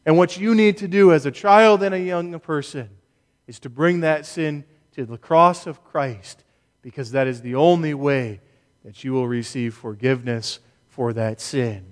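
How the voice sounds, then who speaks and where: A man preaching a sermon as a pastor, earnest and emphatic, with deliberate pauses. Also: on the high side, big-room sound.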